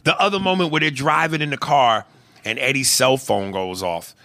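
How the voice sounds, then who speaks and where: A man co-hosting a podcast in casual movie chat, profane and animated, slipping into mocking impressions and shouting when riled. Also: medium pitch, normal speed. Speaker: podcast co-host.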